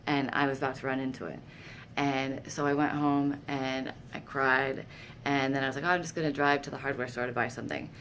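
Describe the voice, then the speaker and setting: Her voice sits low, with slight background noise, as this woman vlogger casually tells personal stories to camera. She's candid and self-deprecating, becoming animated when she quotes herself.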